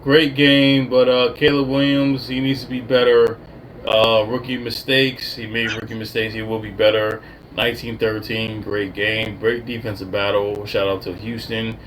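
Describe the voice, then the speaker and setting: A man's voice: lowish voice, flat delivery, moderate pace, fairly bright tone, slight background noise. A man co-hosting a casual sports podcast, blunt and trash-talking, laughing at rival teams. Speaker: co-host.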